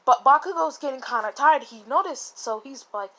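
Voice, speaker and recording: A woman's voice: sits high, lively intonation, moderate pace, sharp tone. A woman casually retelling a fan story in a rambling, profane way, often laughing and correcting herself.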